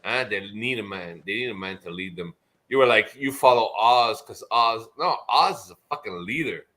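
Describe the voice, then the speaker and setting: A man chatting on a live stream, telling stories with lots of swearing and acting out other people in loud, shouted quotes. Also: lowish voice, expressive, brisk. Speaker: live stream chat participant. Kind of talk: rowdy casual chat, profane.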